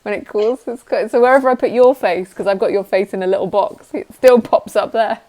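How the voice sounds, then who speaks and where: A woman's voice: mid-range voice, fairly quick, a little mellow. A woman speaking as a spiritual teacher in a casual video call, chatty and laughing often, swearing freely and acting out quotes. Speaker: spiritual teacher, host of live broadcast. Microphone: computer mic on a video call.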